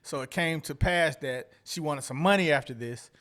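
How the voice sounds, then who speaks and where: A man's voice: fairly high pitch, normal speed, fairly bright tone. A man from Atlanta, co-hosting a casual podcast and recounting news with many hesitant "um"s. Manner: recounts a story with many "um"s and "I guess"es. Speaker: podcast co-host.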